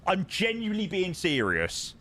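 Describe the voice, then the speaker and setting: Chatty young man, lively pitch. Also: moderate pace. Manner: chatty and joking, sings along to music. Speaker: flight sim streamer. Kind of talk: casual chat.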